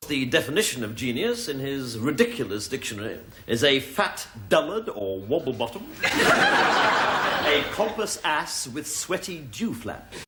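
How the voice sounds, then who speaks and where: An actor playing a sneering, sarcastic servant who mocks someone with scornful insults. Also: male voice, medium pitch, sing-song, a little slow. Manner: mocking, scornful delivery. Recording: roomy TV clip with loud noise.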